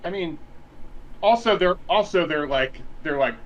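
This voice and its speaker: A man's voice: fairly high pitch, animated, normal speed, lo-fi sound. A man co-hosting a casual anime podcast, exasperated about dub edits, with lots of "you know" restarts. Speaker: podcast co-host.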